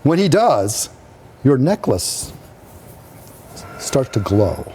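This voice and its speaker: Man, game master, slow unhurried narration, halting restarts, live tabletop game. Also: medium pitch, sing-song, warm tone, slight background noise.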